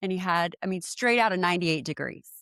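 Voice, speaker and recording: A woman in her forties from San Diego, telling a personal story as a podcast guest and acting out what people said with lively jumps in her voice. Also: fast, no room sound, clean studio sound. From San Diego, USA. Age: 40s. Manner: animated, acts out quoted speech with big pitch jumps, lots of fillers. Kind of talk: casual storytelling in conversation.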